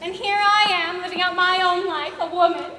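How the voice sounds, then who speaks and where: Casting: a young woman doing a shrill, swooning actress, very high, echoey hall from far back. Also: fairly even intonation, normal speed, background noise. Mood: gushing. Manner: melodramatic, swooping from hushed to shouting. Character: gushing theatrical actress, dramatic and vain. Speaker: student stage actor. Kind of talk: high school stage play. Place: school auditorium stage.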